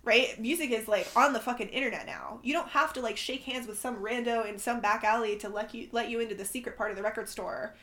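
A woman in loose, casual conversation, swearing freely and tossing in "like" and "right?" constantly. Her voice sits a little higher than most women's. She has an animated, opinionated way of talking. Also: quick pace, few pauses.

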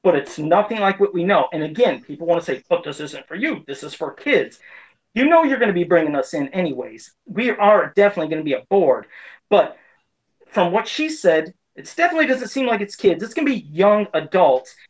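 A man's voice: sits high, big pitch swings, brisk, poor audio. A man in his forties giving a casual, heated opinion rant as a pop culture commentator, indignant and frustrated.

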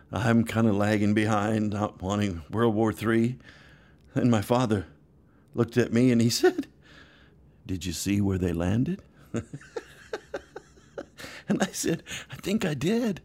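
A man's voice: mid-range voice, creaky. A middle-aged male pastor telling family stories in a chatty podcast, laughing as he goes. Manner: chatty, laughs through his stories, animated voices. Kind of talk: storytelling sermon podcast.

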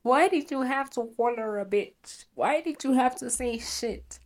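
A fretful middle-aged mother, put on by a young woman, firing off one worried, scolding question after another. The voice sits noticeably higher than her low speaking voice. It sounds like someone doing an impression of a parent. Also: unhurried.

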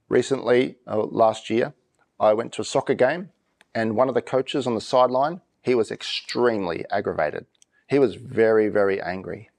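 A pastor preaching a conversational sermon, reading scripture slowly and with emphasis. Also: male voice, lowish voice, gravelly, darkish tone.

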